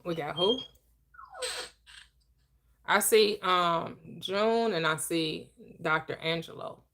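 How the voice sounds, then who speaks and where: A woman hosting a live online discussion room, speaking in a casual dialect. She drives her points home with slow, emphatic, preacher-style rhythm when she quotes scripture. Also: fairly low pitch, fairly bright tone.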